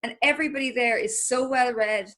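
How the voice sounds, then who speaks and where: A woman's voice: a little high, a little fast, fairly bright tone. A woman with an Irish accent, a crime writer telling candid, self-deprecating stories in a casual panel chat over a video call.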